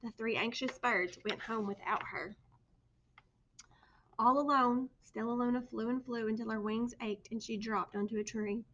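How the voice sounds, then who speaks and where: A woman reading a children's picture book aloud with expressive storytelling. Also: fairly high pitch, moderate pace, lo-fi sound. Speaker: storybook reader.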